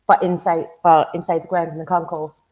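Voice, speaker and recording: Quick-talking woman. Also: lowish voice, little pitch movement, mellow. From Byker, Newcastle. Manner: blunt and complaining. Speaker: fan panel guest. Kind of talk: casual chat.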